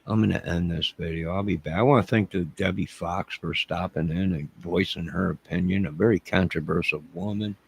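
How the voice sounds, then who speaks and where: Gravelly-voiced man rambling on a livestream. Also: deep voice, a little fast, few pauses. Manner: emotional, repetitive, speaks to chat. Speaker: channel host.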